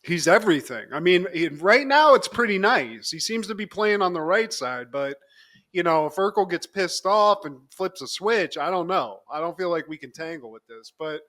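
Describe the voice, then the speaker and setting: A young man casually recapping a TV episode on a podcast, animated and laughing often as he acts out quotes. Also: high voice, moderate pace. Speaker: podcast co-host.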